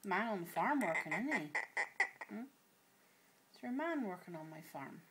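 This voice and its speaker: A woman's voice: mid-range voice, big pitch swings, moderate pace, slightly rough. Woman coaxing her pet, sing-song. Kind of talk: casual home video talking to a pet. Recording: noisy home video with background noise.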